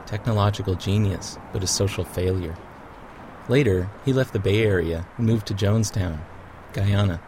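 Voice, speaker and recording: Man, low voice, somber reflective documentary narrator. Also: background noise.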